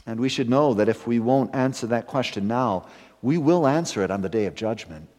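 A man's voice: medium pitch, animated, brisk. Earnest preacher man in a reverberant hall. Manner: earnest preaching with rising emphatic builds and hushed drops. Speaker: pastor. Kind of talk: sermon.

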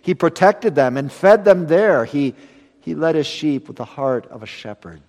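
A man preaching a sermon earnestly, building to emphatic lines and then dropping to a hushed close. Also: medium pitch, long reverb tail.

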